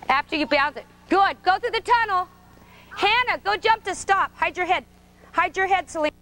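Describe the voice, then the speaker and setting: A woman with a high voice leads a preschool gymnastics class indoors. She gives short, sing-song, encouraging directions. Faint background noise sits behind her. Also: moderate pace, fairly bright tone. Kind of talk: coaching young children in class. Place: indoor gym.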